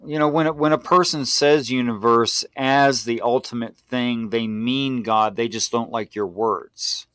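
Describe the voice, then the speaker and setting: A man's voice: mid-range voice, steady tone, a little slow, hardly any pauses, fairly bright tone, smooth, no room sound. A man hosting a live stream, asking careful clarifying questions in casual conversation. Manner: probing, asks clarifying questions.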